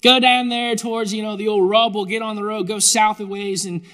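A man's voice: sits high, flat delivery, pushed and bright, big-room sound, voice pushed up. A man voicing an angel as a folksy local with a Pittsburgh accent, rambling through vague directions. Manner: rambling, vague landmark directions, drawn-out fillers.

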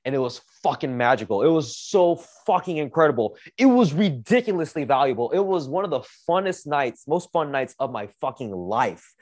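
A man hosting a podcast, telling a story in a casual, energetic way, swearing often and saying "like" a lot. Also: mid-range voice, moderate pace, hardly any pauses, no room sound, studio quality. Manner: energetic, profane, heavy use of "like". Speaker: podcast host.

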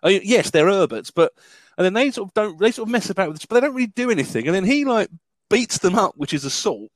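A man's voice: high-pitched, big pitch swings, fast, no echo. A man in casual chat about a film, rambling and jokey, acting out quoted lines as he goes. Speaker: film podcast co-host.

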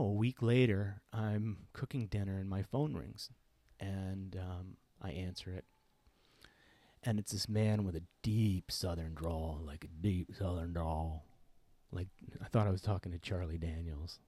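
A man's voice: low-pitched, unhurried, dark tone, no echo. A middle-aged man hosting a podcast, telling a personal story in an earnest, reflective way that often stops and restarts. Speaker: podcast host.

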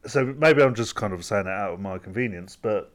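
Low-voiced man, rambling. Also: lively intonation, brisk. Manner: rambling, hesitant, restarts a lot. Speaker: podcast co-host. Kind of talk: casual chat.

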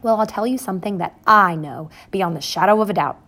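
A woman voicing a stern, bossy mother mouse who speaks briskly and sharply. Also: medium pitch, a bit bright.

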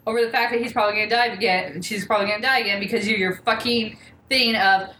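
A woman co-hosting a podcast, telling a game's story in animated, profane bursts and voicing the characters as she goes. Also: medium pitch, racing. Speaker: podcast co-host. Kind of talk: casual chat recapping a game. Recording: echoey room with faint hiss.

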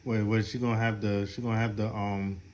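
A man's voice: fairly low pitch, flat delivery, fairly quick, crowd noise. A man hosting a podcast in a casual, joking, slangy chat with his co-host. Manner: laid-back, joking, slangy.

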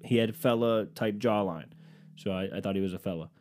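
A man's voice: fairly low pitch, brisk, darkish tone. A man telling a comedic story in a casual, rambling way, sarcastic and full of swearing.

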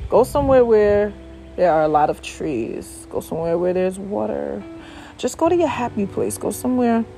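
A woman's voice: medium pitch, mellow, a little hiss or hum. Blunt, chatty woman on a porch. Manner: blunt, profane, loose and chatty. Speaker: vlogger. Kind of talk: casual motivational talk. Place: outdoors on a home porch by water.

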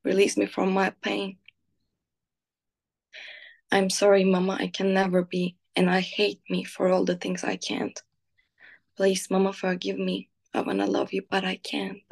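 A woman reading her own poem slowly and softly, then chatting casually. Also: mid-range voice, monotone, creaky. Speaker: guest poet. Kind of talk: casual chat and poetry reading.

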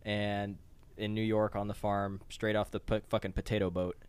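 A man's voice: lowish voice, little pitch movement, moderate pace, clean tone. A man co-hosting a casual podcast, telling a profane story and laughing a lot. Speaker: podcast co-host.

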